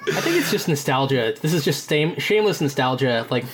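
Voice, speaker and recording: A man's voice: medium pitch, animated, brisk, noisy background. A man co-hosting a podcast in casual chat, with a dry, sardonic humor. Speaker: podcast co-host.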